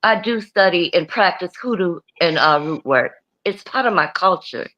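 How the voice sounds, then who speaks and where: A woman's voice: lowish voice, animated, moderate pace, pushed and bright, muffled recording. A woman speaking as an activist guest on a live-stream chat, outspoken and unapologetic.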